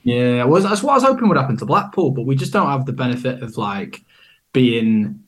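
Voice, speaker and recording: A man from northwest England joins a podcast as a guest. He speaks at a middling pitch in an easygoing, friendly manner. His banter stays loose and relaxed. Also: fairly quick. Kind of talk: casual podcast chat.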